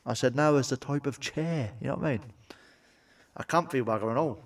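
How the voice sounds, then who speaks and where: A man's voice: mid-range voice, animated, a little fast. Man, stand-up comedian, crude and sweary, distant mic. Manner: blunt, sweary, asides to the audience. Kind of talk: crude stand-up joke telling.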